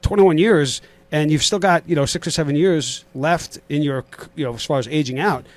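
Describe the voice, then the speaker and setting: A man's voice: a little high, brisk, dry recording. A middle-aged man from Queens with a New York accent, hosting a casual podcast interview and rambling with lots of fillers and restarts. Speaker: podcast host.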